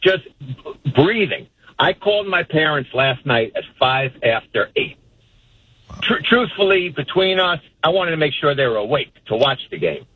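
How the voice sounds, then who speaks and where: Male caller, animated storyteller, high lively voice, husky, dry phone line. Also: moderate pace, dry recording. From New York. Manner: animated storyteller, laughing at his own tale. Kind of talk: phone-in call.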